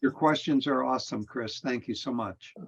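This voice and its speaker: A man's voice: medium pitch, normal speed, gravelly, fairly bright tone, husky. A man leading a support group on a video call, encouraging and thanking the members. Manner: encouraging, appreciative. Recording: dull lo-fi call audio.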